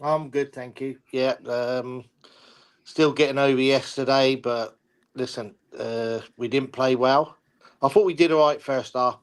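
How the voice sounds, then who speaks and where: An older man, a former player, giving frustrated football analysis in halting, repetitive talk. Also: medium pitch. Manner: halting, repeats words, frustrated. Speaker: guest pundit, former player. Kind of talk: casual football discussion.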